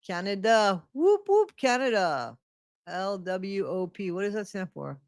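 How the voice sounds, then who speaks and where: A woman's voice: medium pitch, expressive, a little slow, no echo, studio quality. A middle-aged woman hosting a casual live stream from home, greeting viewers by name and repeating her phrases. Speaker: livestream host.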